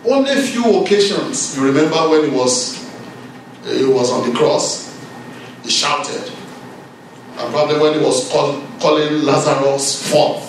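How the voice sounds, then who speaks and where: A man preaching a sermon, slow and emphatic, building up for emphasis as he reads scripture. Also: on the high side, a little hiss or hum. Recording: echoey hall from far off.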